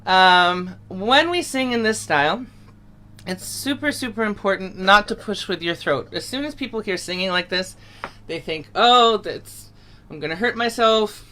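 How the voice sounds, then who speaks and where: A woman teaching a folk carol over a video call, talking through each step and breaking into loud open-throated singing. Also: mid-range voice, animated, normal speed. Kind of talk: online singing lesson.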